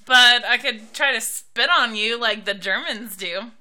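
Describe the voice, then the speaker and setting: A woman's voice: on the high side, unhurried, bright, forceful tone. A woman co-hosting a podcast in casual chat, joking crudely and laughing often. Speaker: podcast co-host.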